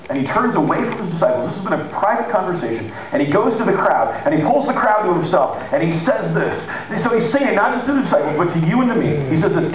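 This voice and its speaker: A man preaching a sermon in a conversational, animated way, acting out the people he quotes. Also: on the high side, fast talker, few pauses, crowd noise. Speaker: pastor. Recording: echoey hall, distant mic, lo-fi.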